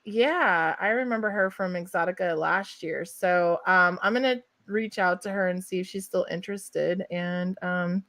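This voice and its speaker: A woman hosts a casual group chat with a bright, crisp voice recorded dry and close. She teases the others, laughs often and speaks like the boss. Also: lowish voice, moderate pace, few pauses, no echo. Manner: laughing, teasing, bossy. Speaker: host, company owner.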